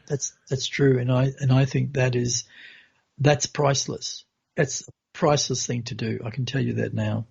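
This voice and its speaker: A man telling a gentle, unhurried spiritual story as a guest in an interview, with a husky voice. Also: mid-range voice, steady tone, highs cut off.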